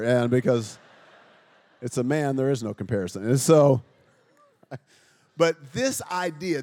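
A man's voice: medium pitch, darkish tone, big-room sound. A man in his fifties, a pastor, giving a humorous sermon to a congregation, joking at his own expense and quizzing the listeners. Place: church sanctuary before a congregation.

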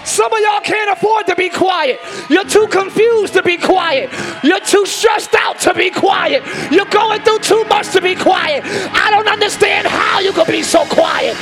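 High, gravelly preacher shouting with music. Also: male voice, unhurried. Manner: hollering, rhythmic repetition, calls to the congregation. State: hoarse from screaming. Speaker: pastor. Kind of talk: shouted Pentecostal-style sermon. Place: large church sanctuary. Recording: live church recording with music. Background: church band music.

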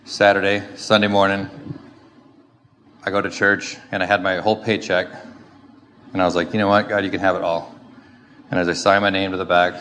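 A middle-aged man giving a lively personal testimony in church, acting out his own frustrated rants as he tells the story. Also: low voice. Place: church sanctuary. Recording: echoey hall with faint background noise.

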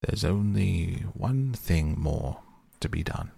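A man with a deep, gravelly voice voicing a stern, solemn old male badger in a storybook reading, grave, firm and measured. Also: expressive, mellow, dry recording, full character voice.

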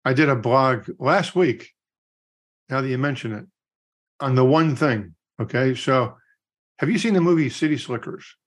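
A middle-aged man co-hosting a podcast, chatting casually and telling stories with animated quotes. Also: mid-range voice, moderate pace, pauses often. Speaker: podcast co-host. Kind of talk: casual chat.

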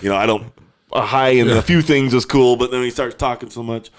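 A man's voice: mid-range voice, steady tone, a little fast. A man hosting a casual podcast, telling a rambling story with frequent laughs and restarts. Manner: rambling, laughs often, restarts mid-sentence. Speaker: podcast host.

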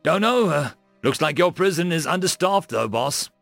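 Cocky soldier boss, smug and breezy, kinda high , man doing it. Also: brisk, creaky, no room sound, soft background music. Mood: cavalier. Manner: cavalier, smug. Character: cocky cavalier male human soldier leader.

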